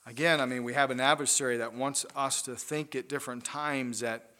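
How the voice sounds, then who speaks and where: A man preaching a sermon in an earnest way, swelling loud on key lines and dropping soft and low after them. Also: fairly even intonation, brisk.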